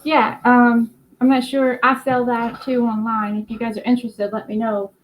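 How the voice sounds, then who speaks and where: A tired woman with a North Carolina Southern accent, hosting a casual craft live stream and rambling through her explanations with many fillers and halting words. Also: fairly high pitch, flat delivery, slight background noise, rough recording.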